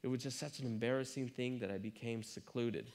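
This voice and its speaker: An earnest man speaking at a conference, telling a personal story in a confessional tone. His voice sits at an ordinary middle pitch, and he talks with plain emotion. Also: fairly even intonation, brisk, darkish tone, slight background noise.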